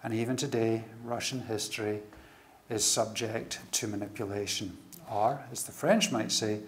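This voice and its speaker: A man's voice: on the low side, unhurried, slight background noise. A middle-aged man giving a public lecture and taking questions, telling stories animatedly with frequent stammered restarts. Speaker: guest lecturer.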